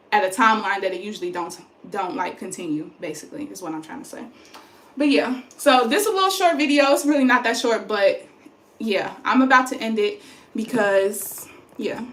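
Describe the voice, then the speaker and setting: A young woman chats rambling and animated into her phone, her voice at a middle pitch. She sounds tired. The room around her rings with a noticeable echo. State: pregnant, tired. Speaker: vlogger. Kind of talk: casual chat to camera. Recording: roomy echo.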